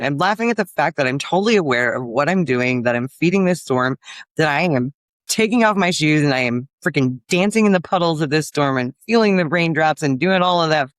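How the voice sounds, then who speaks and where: A woman co-hosting a casual podcast conversation, reflective and quick to laugh at herself, with some casual swearing. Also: deep voice, no room sound. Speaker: podcast co-host.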